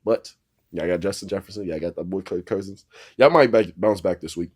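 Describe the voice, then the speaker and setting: A young man hosting a casual sports talk show, giving football picks in a profane, animated, trash-talking way. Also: low voice, brisk, slightly rough.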